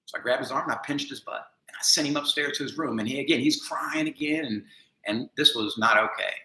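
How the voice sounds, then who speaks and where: A man with a bright, forceful voice tells his story earnestly and critically, sometimes dropping low and sometimes rising with emphasis. The sound is echoey, as in a bare room, and his pitch sits in the middle range. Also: a little fast. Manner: earnest, self-critical, swings from quiet to emphatic. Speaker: vlogger. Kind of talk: confessional monologue.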